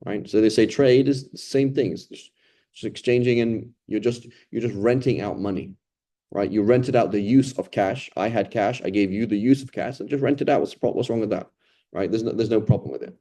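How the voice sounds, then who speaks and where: A man with a low, mellow voice teaching a relaxed Quran lesson. He talks conversationally and keeps asking "right?" to check in with his listeners. Now and then he acts out the people he describes. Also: brisk. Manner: conversational, often ends points with "right?"; acts out quoted complainers and beggars. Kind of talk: casual explanatory Quran lesson.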